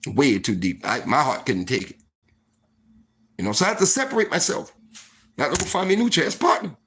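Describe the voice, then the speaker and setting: A man telling a story in a casual monologue, profane and animated, full of fillers like "like" and "you know.". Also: medium pitch, a little fast, a little hiss or hum. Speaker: storytime vlogger.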